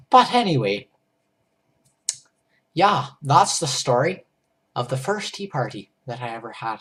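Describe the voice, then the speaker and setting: Husky man, rambling goofy storyteller, narrating while doodling; loose, chatty, self-interrupting. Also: mid-range voice. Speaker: storyteller and drawer.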